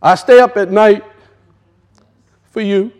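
A man's voice: sits high, takes it slowly, darkish tone. A male pastor preaching a sermon, emphatic, with rhetorical questions and casual asides.

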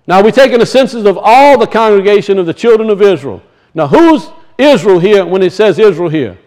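A man's voice: sits high, expressive, brisk, a little mellow. A man teaching from scripture to a congregation, asking questions, answering them himself and repeating key points. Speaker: bible teacher. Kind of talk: teaching sermon.

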